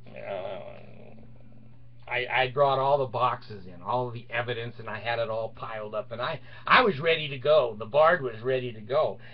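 A man's voice: medium pitch, dull audio. Middle-aged man telling a crude, laughing story. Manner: laughs through his story, crude and boastful. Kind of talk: casual personal anecdote.

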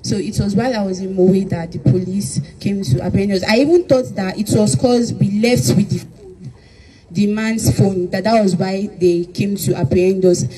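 Halting young woman giving a statement. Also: mid-range voice, steady tone, dark tone, breathy edge, low-quality recording. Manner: halting, full of "like" and "um". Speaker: crime suspect giving a statement. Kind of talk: recounted testimony.

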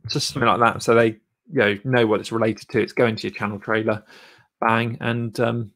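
A man's voice: lowish voice, little pitch movement, a little fast, a bit bright. A man hosting a live stream, reviewing a viewer's channel in a rambling, encouraging way full of fillers. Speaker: YouTube channel coach and host.

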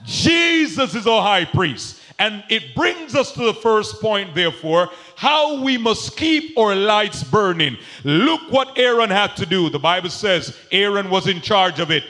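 A man preaching a sermon as pastor to his congregation. He calls out to them for responses, and his delivery swings between soft asides and shouted emphasis. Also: sits high, very animated, a little slow, hardly any pauses.

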